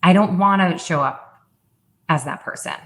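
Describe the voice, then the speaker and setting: A lowish, fairly bright female voice at a moderate pace belongs to a guest in a candid interview: a fitness founder in her thirties. Reflective and open, she often quotes her own past words, lifting her voice as she does.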